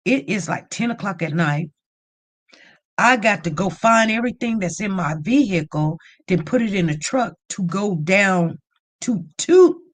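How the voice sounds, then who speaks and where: A woman hosting a livestream, telling a story in a lively, animated way and rising to near-shouts when upset. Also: fairly low pitch. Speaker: livestream host.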